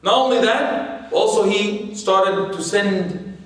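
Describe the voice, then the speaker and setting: An Islamic lecturer with a high, slightly bright voice speaks slowly, giving a religious history lecture to a live audience in a large room. He's chatty and digressive, full of "you know" and rhetorical questions. The hall is very echoey and the mic is far away.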